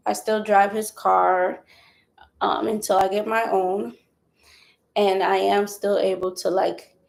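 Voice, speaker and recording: A woman chatting to camera in a loose, candid way, venting and rambling from one point to the next. Her voice carries a gravelly fry underneath a mid-range pitch, and she sounds a little out of breath. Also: low-quality recording. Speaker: vlogger and mother. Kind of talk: casual chat to camera.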